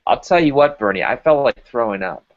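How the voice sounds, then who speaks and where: A man's voice: medium pitch, fairly quick, narrow, tinny audio. A man being interviewed, telling a personal story with energy and acting out the dialogue. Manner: energetic, emphatic storyteller who acts out dialogue. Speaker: guest.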